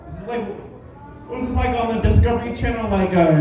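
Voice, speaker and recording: A stand-up comedian from Albuquerque doing a profane, mock-angry rant at a bar comedy night. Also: male voice, high voice, fast talker, slight background noise. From Albuquerque, USA. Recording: echoey, dull, distant room recording.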